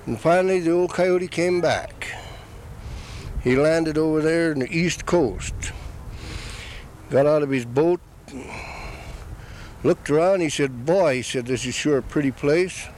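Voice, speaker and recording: An older man recounts a traditional tale at an easy pace, his voice sitting a little high for a man. He talks plainly and keeps tagging the quoted lines with "he said." Faint traffic hums somewhere behind him outdoors. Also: darkish tone, rough recording. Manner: unhurried, plain-spoken, repeats "he said" between quoted lines. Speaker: storyteller. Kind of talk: oral traditional storytelling.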